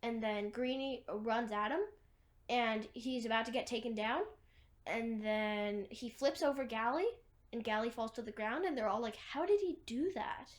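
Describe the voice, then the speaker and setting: A woman's voice: on the high side, steady tone, moderate pace. A woman casually retelling a movie's plot, rambling with lots of fillers and restarts. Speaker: movie recapper.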